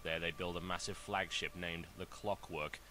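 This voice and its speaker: A man narrates a game's intro story in a formal, measured way. His voice sits low and deep. Clear background noise runs under the game audio. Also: fairly even intonation, bright, forceful tone.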